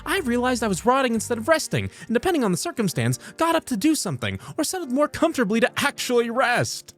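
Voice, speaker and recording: A man with a bright, high-pitched voice reads funny internet posts aloud, his pitch swooping up and down as he goes. His delivery moves easily between dry deadpan and sincere warmth, and soft music plays faintly underneath. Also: fast. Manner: expressive, shifting delivery from deadpan to heartfelt. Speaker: voice actor reading internet posts. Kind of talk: comedic reading of online posts.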